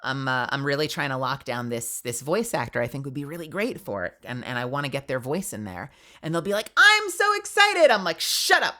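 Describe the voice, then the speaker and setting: Her voice sits extremely low and moves fairly quickly as this young VTuber rambles through a casual, animated stream. She sounds stuffy-nosed and keeps dropping "like" into her chatter.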